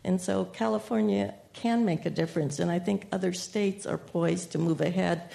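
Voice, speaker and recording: A woman state senator on a panel, giving a steady, detailed explanation of policy. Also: lowish voice, moderate pace, vocal fry.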